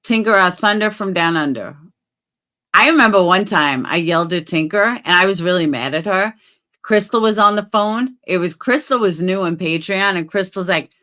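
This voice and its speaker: A woman hosting a casual livestream, reading viewer comments aloud and answering bluntly, with swearing and quick jumps between low mutters and loud outbursts. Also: animated. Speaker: livestream host.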